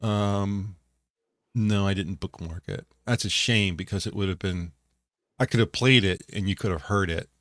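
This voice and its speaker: A low-pitched man co-hosting an online talk show, chatting in a loose, rambling way with lots of restarts. His voice sounds close-miked and dry. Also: moderate pace, fairly bright tone, dry recording. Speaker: podcast co-host. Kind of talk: casual chat.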